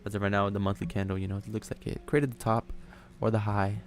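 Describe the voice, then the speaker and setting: A man hosts a live stream in a casual, rambling way, joking and thinking aloud as he works. His voice sits fairly low with a gravelly edge. Faint music plays quietly behind him. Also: level tone, fast. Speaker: livestream trading host.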